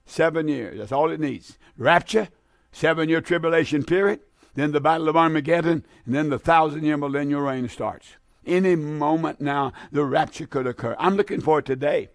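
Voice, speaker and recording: A man delivers a fervent radio sermon with a somewhat high-pitched voice, stumbling and repeating himself as his excitement builds. The sound is dry and close to the mic, with no room around it. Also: vocal fry, dry recording. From American South. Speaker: radio preacher.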